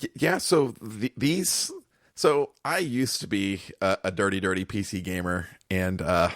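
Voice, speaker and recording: A man's voice: deep voice, measured pace, a bit bright, no echo, studio quality. A man co-hosting a podcast in casual chat, easygoing and reassuring, full of fillers. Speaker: podcast co-host.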